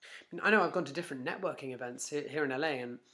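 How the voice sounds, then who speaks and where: Speaking very fast in a voice on the high side, a self-help vlogger gives a casual motivational talk to camera. He tells stories with animation, frequently restarting and voicing his inner thoughts aloud.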